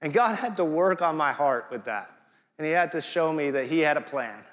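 A man's voice: on the high side, animated, moderate pace, a bit bright, in a large hall. A middle-aged man preaching a sermon in a conversational way, dropping jokey asides. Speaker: guest preacher.

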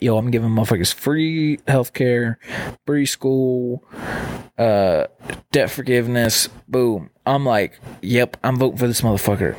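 A young man hosts a solo podcast and rants in a loose, profane way, wandering from story to story and acting out each character's lines. His voice sits at an ordinary middle pitch for a man, and a vehicle can be heard behind him. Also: no room sound. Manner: profane, rambling, animated storytelling with quoted voices. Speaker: podcast host. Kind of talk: casual solo podcast rant.

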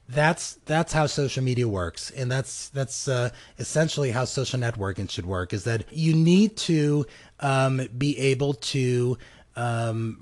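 A man's voice: medium pitch, darkish tone. A man hosting a podcast, talking casually with many fillers and acting out short dialogues as examples. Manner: conversational, many fillers, acts out little dialogues. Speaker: podcast host. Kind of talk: casual advice talk. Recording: live program.

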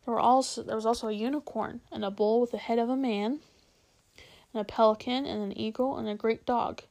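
A woman reads a storybook aloud at an unhurried pace. Her voice is somewhat high with a gravelly, creaky edge. She stumbles now and then and restarts a phrase. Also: fairly even intonation, a little mellow. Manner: unhurried, with small slips and restarts.

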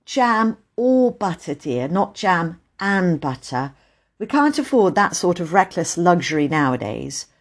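A woman's voice: fairly low pitch, sing-song, unhurried. A woman voicing a cheerful, busy mother who turns her children down fondly, using pet names. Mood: gently stern.

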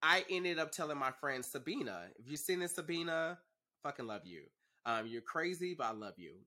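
A young man hosting a podcast, telling a story in a sassy, animated, profane way. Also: a little high, moderate pace. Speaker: podcast host. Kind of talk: casual storytelling.

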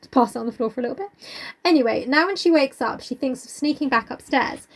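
A woman's voice: high voice, lively intonation, fast. A woman on a podcast, reading a novel aloud and chatting with jokey asides. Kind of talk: casual book chat with read-aloud.

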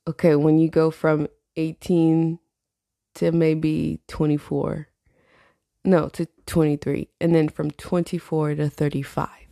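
Woman, late 20s, podcast host; low, gravelly, swears and laughs freely. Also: little pitch movement, slow, warm tone, no echo, clean studio sound. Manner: loose, profane, laughs often. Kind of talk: casual solo podcast chat.

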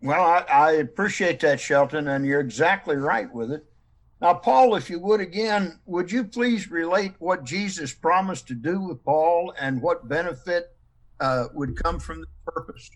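A man's voice: fairly high pitch, a little slow. A man moderating a Bible study panel discussion, posing numbered questions and stressing words as he quotes.

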